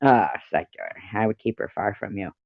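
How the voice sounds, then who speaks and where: A woman's voice: very deep voice, fairly quick, vocal fry, dry recording. A middle-aged woman hosting a casual livestream, reading chat messages aloud, giggling often and swearing freely. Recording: dull lo-fi home stream audio.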